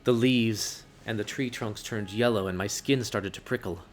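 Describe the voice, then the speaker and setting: A man reading a story game aloud in the first person, expressive with sudden outbursts. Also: fairly low pitch, normal speed, a little hiss or hum.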